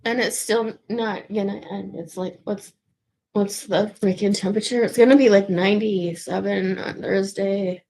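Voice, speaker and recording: A woman's voice: medium pitch, fairly even intonation, moderate pace, mellow, a little hiss or hum. A woman in her thirties hosting a casual livestream, rambling and chatty, swearing freely and trailing off mid-sentence. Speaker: livestream host.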